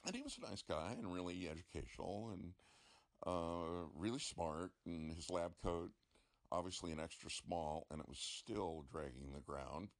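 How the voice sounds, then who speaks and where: Middle-aged man, deep and gravelly, dry sarcastic storyteller with lively ups and downs. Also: normal speed. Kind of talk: casual storytelling monologue.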